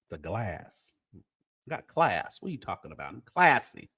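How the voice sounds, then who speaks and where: Man, livestream host, gossip commentary, lively swooping pitch, teasing, talks to viewers. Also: slightly rough. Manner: chatty, teasing, drawn-out exclamations, talks to viewers. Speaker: show host.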